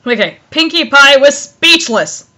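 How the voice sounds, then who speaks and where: Giggly young woman, bright and lively. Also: sits high, measured pace. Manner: giggly, rambling, full of fillers. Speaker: fanfiction reader. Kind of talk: casual reading with commentary.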